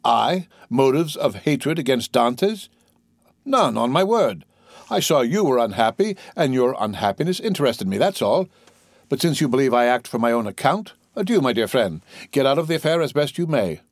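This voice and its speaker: A man's voice: medium pitch, big pitch swings, normal speed, dry recording, studio quality, pitched above the performer's own voice. A man doing a sly scheming clerk. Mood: sly denial. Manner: sly, persuasive, mock-innocent. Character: scheming envious male ship's clerk, smooth.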